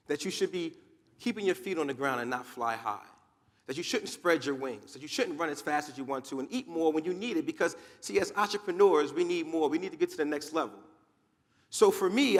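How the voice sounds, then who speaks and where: A man from New Jersey giving a motivational speech, telling stories dramatically with emphatic repetition. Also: a little high. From Newark, New Jersey, USA. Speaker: motivational speaker. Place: large conference hall. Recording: long hall reverb.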